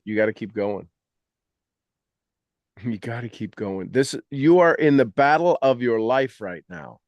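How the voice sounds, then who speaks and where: A man talking as a mentor, coaching his audience in an animated, teasing way and acting out their complaints in quoted voices. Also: medium pitch, no echo, clean studio sound. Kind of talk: motivational coaching talk.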